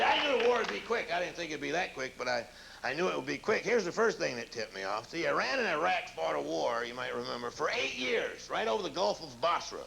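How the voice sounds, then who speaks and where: Gravelly, animated male comedian. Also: on the high side. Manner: animated, mocking, puts on silly voices. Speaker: stand-up comedian and guest. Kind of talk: stand-up comedy routine and talk show banter. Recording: live studio audience laughter and noise.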